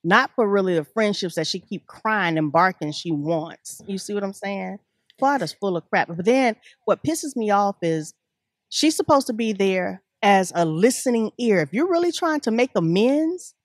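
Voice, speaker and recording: A woman's voice: mid-range voice, lively intonation, measured pace, dry recording, clean studio sound. A woman co-hosting a casual review chat, blunt and sassy in her talk. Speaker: co-host of a reality TV review show.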